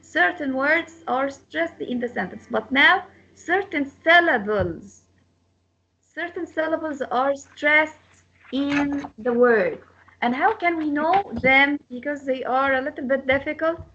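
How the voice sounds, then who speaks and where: A woman teaching an English lesson, repeating words slowly to model their pronunciation. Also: high voice, pushed and bright, slight background noise. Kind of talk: classroom lecture. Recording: slightly dull lo-fi sound.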